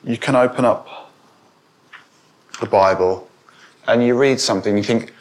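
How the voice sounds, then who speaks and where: Male preacher, unhurried sermon delivery, mid-pitched, lifts his voice on quotes. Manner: rises in pitch and volume when quoting, asks the congregation questions.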